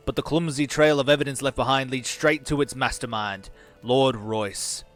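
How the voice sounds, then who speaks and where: A man's voice: mid-range voice, fairly even intonation, normal speed, fairly bright tone, soft background music. Sarcastic, swearing man playing a game. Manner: profane, sarcastic asides while reading game text. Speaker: gaming channel host. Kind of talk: casual let's-play commentary.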